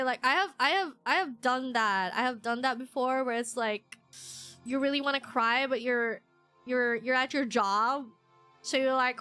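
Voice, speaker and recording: Bright, rambling young woman streamer. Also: on the high side. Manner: rambling and self-deprecating, with frequent restarts and giggles. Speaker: VTuber streamer. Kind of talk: casual chat while streaming a game.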